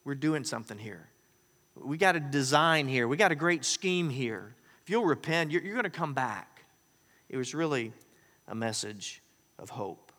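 Bright-voiced folksy preacher in a hall. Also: male voice, medium pitch, normal speed. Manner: folksy, joking, animated storytelling. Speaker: pastor. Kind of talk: sermon.

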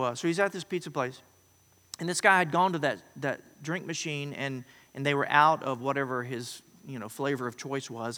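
A man's voice: mid-range voice, fairly bright tone. A man preaching a sermon, telling stories and rising into emphatic quoted lines. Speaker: pastor. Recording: long hall reverb.

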